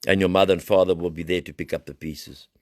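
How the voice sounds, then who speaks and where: A middle-aged man with a South African accent giving an impassioned recovery share. He preaches and climbs into loud, high-pitched pleading. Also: fairly even intonation, fast talker, no echo, clean studio sound. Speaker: recovery program founder.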